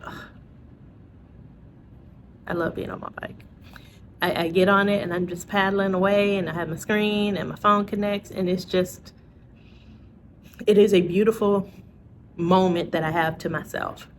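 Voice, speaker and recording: A woman talks straight to her viewers in a relaxed, chatty vlog, laughing often and tossing in little asides. Her voice sits a bit low. A faint background hum runs under her voice. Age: adult, parent. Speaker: vlogger. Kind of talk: casual chat to camera.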